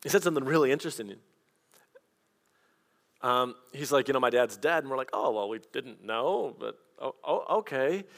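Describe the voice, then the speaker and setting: Animated storytelling pastor, a man. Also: mid-range voice, normal speed, gravelly, long pauses. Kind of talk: sermon.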